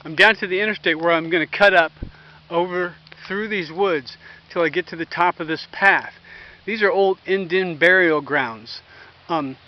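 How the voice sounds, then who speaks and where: A man's voice: high voice, lo-fi sound. Breathless earnest man hiking uphill. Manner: earnest, spiritual, halting with many restarts. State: out of breath from climbing. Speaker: vlogger. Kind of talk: rambling walk-and-talk vlog. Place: outdoors on a wooded hillside trail. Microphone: handheld camera while walking.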